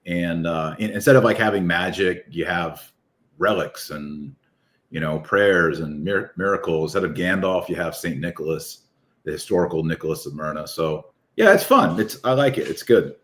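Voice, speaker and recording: A man with a deep voice, talking as an author guest in an enthusiastic, rambling podcast chat. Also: animated, normal speed, a bit bright. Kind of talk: casual podcast conversation.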